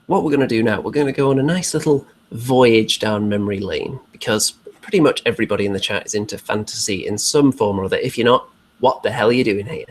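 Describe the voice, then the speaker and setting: Male co-host, lowish voice, chatty and loose, faint noise behind. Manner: chatty, rhetorical asides. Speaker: podcast co-host. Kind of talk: casual chat.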